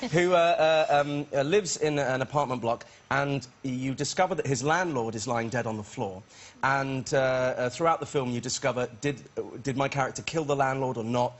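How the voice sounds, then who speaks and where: A man's voice: mid-range voice, moderate pace. A comedian telling a rambling, self-mocking anecdote as a chat show guest, laughing as he goes. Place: television studio with audience. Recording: loud studio audience and noise.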